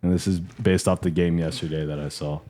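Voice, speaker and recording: A man's voice: low voice, fairly even intonation, brisk, mellow. A young man co-hosting a casual sports podcast, talking loosely with lots of profanity, fillers and laughter. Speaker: podcast co-host.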